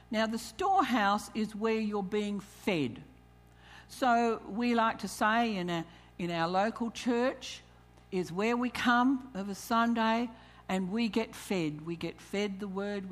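A woman preaching a sermon to a congregation, calling out questions to them and reading scripture aloud. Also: mid-range voice. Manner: calls questions to the congregation, reads scripture, chuckles. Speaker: church speaker. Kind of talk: sermon on tithing.

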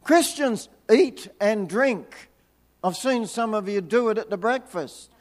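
An older preacher tells a story in his sermon, joking dryly as he goes. His voice sits high for a man and he takes his time. The sound rings with the long reverb of a church hall. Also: lively intonation, slow pace. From Tasmania, Australia. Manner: chatty and humorous, with wry asides. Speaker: visiting preacher.

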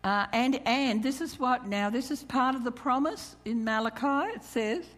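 A woman's voice: fairly high pitch, normal speed, a bit bright. A woman preaching a sermon to a congregation, calling out questions to them and reading scripture aloud. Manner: calls questions to the congregation, reads scripture, chuckles. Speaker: church speaker. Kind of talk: sermon on tithing.

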